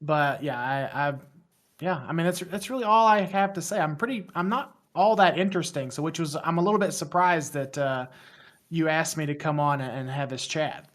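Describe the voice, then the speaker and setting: Rambling West Virginian man, fairly high. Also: normal speed, fairly bright tone. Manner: rambling, self-deprecating, stumbles and restarts often. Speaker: podcast guest. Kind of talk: casual interview chat.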